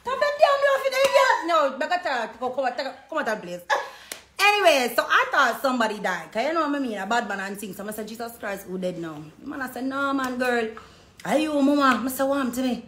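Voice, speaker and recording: High-voiced and fast-talking, this Jamaican-accented woman chats casually on a phone livestream from a hair salon. The social media personality tells spirited patois stories, acting out each quoted voice. Her audio has room echo and faint background noise.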